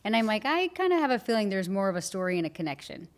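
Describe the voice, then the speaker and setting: A woman's voice: medium pitch, big pitch swings, fast talker. A woman co-hosting a podcast, chatting casually with many affirming fillers. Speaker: podcast co-host. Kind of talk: casual interview chat.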